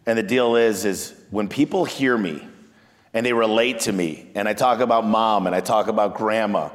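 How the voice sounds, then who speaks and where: A man's voice: moderate pace, in a large hall. A man, a business owner, talking energetically about marketing and sales, telling stories and acting out what customers say. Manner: energetic storyteller, acts out quoted clients in a higher voice. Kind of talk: animated business talk.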